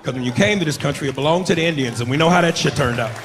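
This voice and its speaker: Loud, profane male stand-up comic. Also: on the high side, racing. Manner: loud, profane, animated storytelling. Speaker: stand-up comedian. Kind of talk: stand-up comedy set. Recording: live club recording, crowd and noise.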